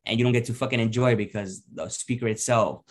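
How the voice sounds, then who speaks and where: A man co-hosting a casual podcast, joking and animated, swearing a lot. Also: mid-range voice, fast talker. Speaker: podcast co-host. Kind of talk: casual chat.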